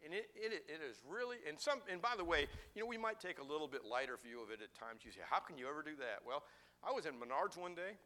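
A middle-aged man preaching a sermon as pastor, building to emphatic declarations and dropping to soft, hushed asides. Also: on the high side, expressive, fast.

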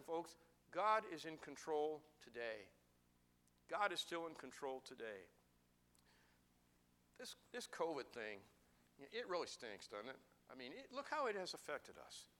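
A middle-aged man preaches a sermon. His voice is bright and somewhat high for a man, and he builds to emphatic, repeated declarations before dropping to soft, hushed asides. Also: sing-song, unhurried, long pauses. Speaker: pastor.

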